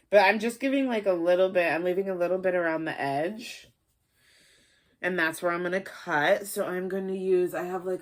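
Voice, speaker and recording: A young woman from the Midwest hosting a casual craft tutorial, a little high, rambling and playful with lots of fillers. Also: fairly bright tone. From American Midwest. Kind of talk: casual how-to demonstration.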